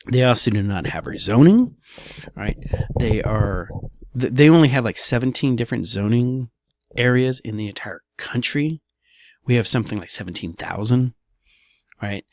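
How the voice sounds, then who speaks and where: A man's voice: fairly low pitch, darkish tone, no echo, studio quality. A man, a real estate broker, talking casually in a solo podcast, loose and chatty, often saying "all right".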